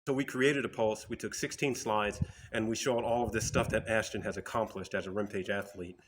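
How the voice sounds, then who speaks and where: A man's voice: on the low side, steady tone, a little fast, a bit bright, slight background noise. Emphatic man giving a motivational talk. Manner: emphatic, storytelling, direct.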